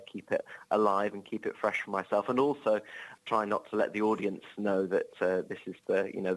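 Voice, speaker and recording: English male comic, lowish voice, amiable and rambling, self-deprecating interview chat. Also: low-quality recording. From England. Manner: rambling with restarts, amiable, playful. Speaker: touring comedian.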